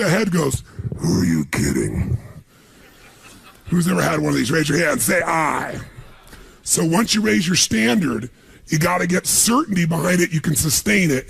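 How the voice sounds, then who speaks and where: A middle-aged man giving an energetic motivational seminar speech, punchy and questioning the crowd. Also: a little high. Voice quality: gravelly, husky. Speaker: motivational speaker. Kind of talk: live seminar speech to an audience.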